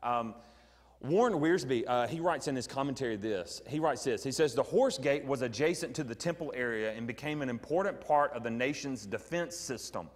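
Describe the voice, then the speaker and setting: Southern pastor teaching in a reverberant church. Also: male voice, medium pitch, animated, moderate pace. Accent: Southern American. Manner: conversational, asks the congregation questions, frequent ums. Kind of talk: evening Bible teaching sermon. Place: church sanctuary.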